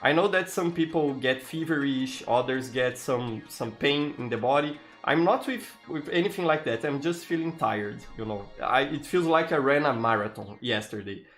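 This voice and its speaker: A man's voice: mid-range voice, moderate pace, hardly any pauses, soft background music. A tired man from Brazil with a Brazilian accent, chatting casually as a live streamer and greeting viewers by name. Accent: Brazilian Portuguese. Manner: greets viewers by name, frequent restarts, relaxed.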